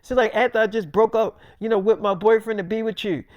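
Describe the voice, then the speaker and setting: A young man, telling a freestyle comic story and acting out every character himself, going low and soft for his own lines. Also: fairly even intonation, a little fast, no room sound, muffled recording.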